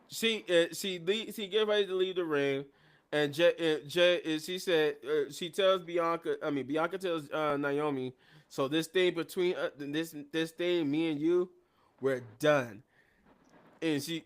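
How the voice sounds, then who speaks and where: Man, somewhat high voice, casual rambling recap, excitable, laughs easily. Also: clean tone. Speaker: wrestling show reviewer. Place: at his workplace.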